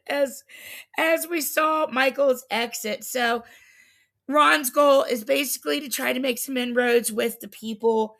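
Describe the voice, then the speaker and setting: A woman's voice: high voice, creaky, fairly bright tone. A woman hosting a casual TV recap livestream, chatting enthusiastically with easy laughs. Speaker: recap show host. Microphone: livestream desk mic.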